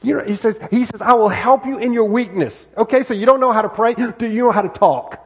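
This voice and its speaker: A man's voice: extremely high pitch, quick pace, fairly bright tone, breathy edge. An American man preaching a sermon in a church, talking conversationally through a body-worn microphone with many rhetorical questions and repeated phrases. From United States. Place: church sanctuary. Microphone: wireless microphone worn on body.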